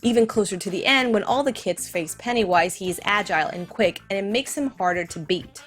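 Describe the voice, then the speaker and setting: A woman's voice: mid-range voice, lively intonation, brisk, fairly bright tone, faint music behind. A woman hosting a scripted film commentary, enthusiastic and speaking directly to her viewers. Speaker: video essay host.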